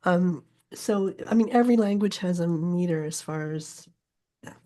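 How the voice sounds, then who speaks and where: An older woman, a poet and teacher, explaining her subject in a casual interview, thoughtful and often pausing to search for words. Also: on the low side, dark tone.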